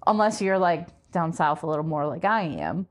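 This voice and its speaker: A woman's voice: low voice, animated, moderate pace. A woman co-hosting a casual podcast chat, easygoing and teasing, laughing often. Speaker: podcast co-host.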